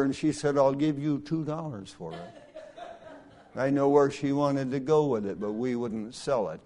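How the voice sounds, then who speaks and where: A middle-aged male preacher delivering a sermon through folksy personal stories, swinging from hushed asides to loud, emphatic lines. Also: mid-range voice, moderate pace.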